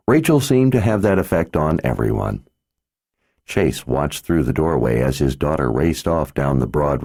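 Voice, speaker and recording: A man narrating a fantasy audiobook in an expressive storytelling manner. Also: rumbling low, no room sound, studio quality. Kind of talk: scripted narration.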